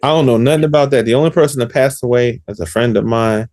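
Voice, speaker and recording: A man answering interview questions, hesitant and halting, with many fillers. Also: mid-range voice, a little mellow.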